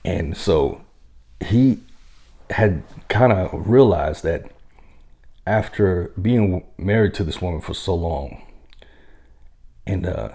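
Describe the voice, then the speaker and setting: A man, a military veteran, telling a story in a casual, unhurried, conversational way with occasional chuckles. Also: sits low, creaky, warm tone.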